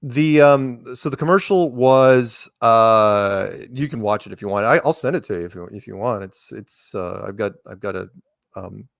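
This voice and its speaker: A man's voice: fairly low pitch, moderate pace, vocal fry, no room sound, studio quality. A middle-aged man telling stories as an interview guest, rambling and often restarting his words. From United States. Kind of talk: casual storytelling in an interview.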